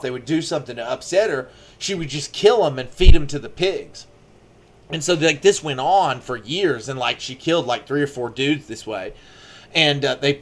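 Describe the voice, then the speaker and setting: Young man, a bit high-voiced, rambling casual storyteller with lots of "like". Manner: rambling storyteller, heavy filler words and swearing. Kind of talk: casual chat.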